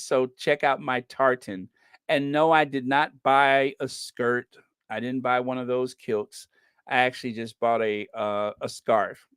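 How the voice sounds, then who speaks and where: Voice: medium pitch, fairly bright tone, dry recording, clean studio sound. A host from the United States chatting casually on a livestream, giggling at their own jokes and thanking viewers.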